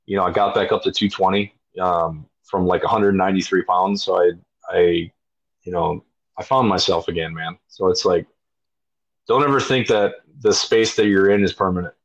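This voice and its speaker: A veteran podcast guest in his thirties talks in a low, steady-toned voice at a moderate pace. His storytelling is blunt, casual and profane, heavy on fillers, and the recording is dull lo-fi.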